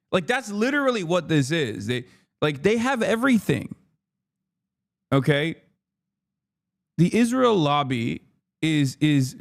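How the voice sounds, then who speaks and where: A man's voice: on the high side, no room sound, studio quality. Exasperated man ranting with profanity. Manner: reads news quickly aloud. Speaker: live streamer reacting to news. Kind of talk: heated political commentary.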